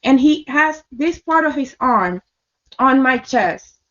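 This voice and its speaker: A woman's voice: high-pitched, expressive, slow pace, a bit bright, lo-fi sound. A woman telling a personal story in blunt, casual speech, swearing heavily and repeating lines for emphasis. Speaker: storyteller recounting her experience. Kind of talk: casual spoken testimony.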